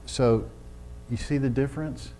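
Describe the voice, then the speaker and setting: A man preaching a sermon on marriage, telling vivid stories and building to loud, emphatic exhortation. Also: mid-range voice, unhurried, a little hiss or hum. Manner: storytelling with acted-out quotes, rising to loud emphatic preaching.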